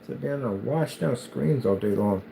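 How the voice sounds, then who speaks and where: Male vlogger, gravelly, excitable and rambling, faint background noise. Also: medium pitch, normal speed, poor audio. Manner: hyped, rambling, self-promoting. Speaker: DIY builder. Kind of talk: casual build vlog.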